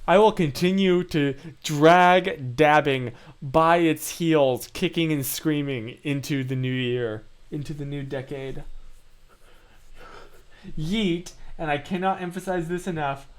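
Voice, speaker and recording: This livestream host, a young man, chats in a playful way and replies to comments from viewers with self-deprecating jokes. He speaks slowly in a clean-toned voice that is a little high.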